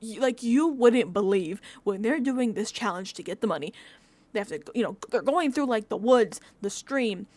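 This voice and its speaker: A woman vlogger rants through a reality-show recap in a slightly high voice. She is exasperated and animated and laughs between her complaints. The sound is dry and close, with no room echo. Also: normal speed. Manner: exasperated, animated ranting with frequent laughs and mimicked quotes; chatty, many fillers like "like".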